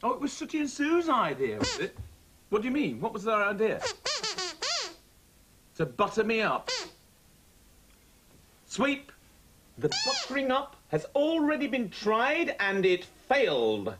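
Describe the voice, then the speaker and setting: A man hosts a children's comedy show in a fairly high, lively voice. He scolds and teases the puppets in a mock-stern, theatrical manner. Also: a little slow, long pauses, noisy background. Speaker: children's TV host.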